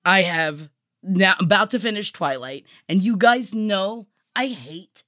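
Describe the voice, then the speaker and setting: A woman host talks in loose, animated bursts and rambles from one thought to the next. Her voice sits at an ordinary pitch for a woman. It is recorded close and dry, with no room sound. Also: a little slow, dry recording. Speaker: podcast host. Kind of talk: casual chat.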